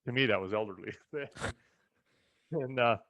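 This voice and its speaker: Speaking a little slowly at medium pitch, this man from the rural western US shares family stories as a ranch co-host in a relaxed chat. He acts out others' lines with animation, and the audio is dull with no room sound.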